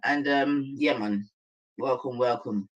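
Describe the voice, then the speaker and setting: A man's voice: medium pitch, takes it slowly, highs cut off. A man chatting casually on a game stream, laid-back and slangy, laughing often.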